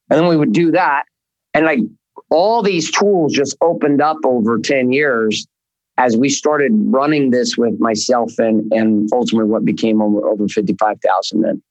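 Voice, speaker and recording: A man's voice: mid-range voice, moderate pace, no echo, muffled recording. Blunt, rambling man, close and dry. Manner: blunt, profane, rambling storytelling. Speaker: guest, business coach. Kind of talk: candid interview talk.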